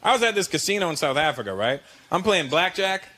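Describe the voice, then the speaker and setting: A man doing a stand-up comedy routine, telling stories animatedly, mimicking voices and shouting punchlines. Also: on the high side, big pitch swings, quick pace. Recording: live club set with loud audience noise and long reverb.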